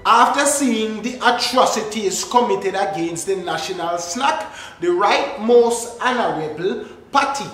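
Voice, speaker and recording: High-voiced Jamaican man ranting. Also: animated, unhurried, a bit bright. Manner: mock-outraged rant in patois. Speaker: reaction video host. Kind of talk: comedic reaction commentary. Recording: echoey room with faint music.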